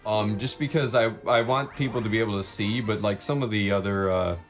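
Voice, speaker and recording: A man's voice: on the low side, fairly even intonation, a little fast, soft background music. A man chatting casually and joking while he plays through a video game. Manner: rambling, jokey. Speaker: let's play host. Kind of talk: casual gameplay commentary.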